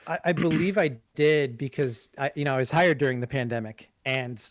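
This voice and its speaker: A man's voice: mid-range voice, brisk, no echo, clean studio sound. A man co-hosting a casual livestream, plugging a game in a wry, upbeat way.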